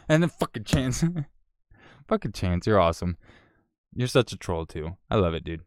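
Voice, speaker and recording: Low, smooth-voiced male streamer, casual. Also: big pitch swings, unhurried. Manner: laid-back, swears, laughs while reading out donors. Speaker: live streamer. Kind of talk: casual live-stream chat.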